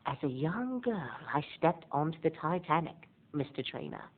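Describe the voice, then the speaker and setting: A man doing a hushed, solemn old lady. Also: a little high, big pitch swings, moderate pace. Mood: wistful. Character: frail, wistful old woman telling her story. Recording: tinny lo-fi webcam audio.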